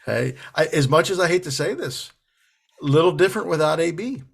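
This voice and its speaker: A man with a fairly high voice co-hosts a casual sports podcast. He is easygoing and laughs often. He states his predictions with confidence. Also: animated, normal speed, gravelly, slightly rough. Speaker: podcast co-host.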